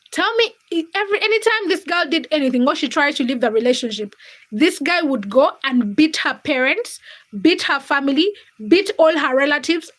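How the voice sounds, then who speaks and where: A woman's voice: sits high, a bit bright. A woman hosting a casual livestream from home, chatting and gossiping straight to her viewers while she cooks. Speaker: livestream host. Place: home, cooking during livestream.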